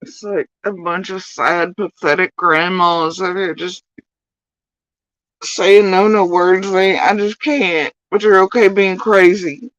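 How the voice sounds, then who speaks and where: A woman's voice: lowish voice, steady tone, takes it slowly, no room sound, lo-fi sound. A woman streamer, ranting and swearing in sarcastic, mocking commentary on clips she plays.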